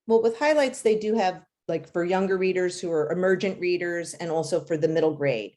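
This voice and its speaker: Woman, children's author, chatty, full of fillers, light laughs, lowish voice. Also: fairly quick, a little mellow. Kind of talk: casual interview answers.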